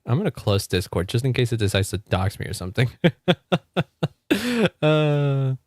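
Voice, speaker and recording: In a dry, studio-quality recording, a young man livestreams a game from home and chats casually, swearing freely and often breaking into laughter. His medium-pitched voice is animated and a little mellow, at a moderate pace.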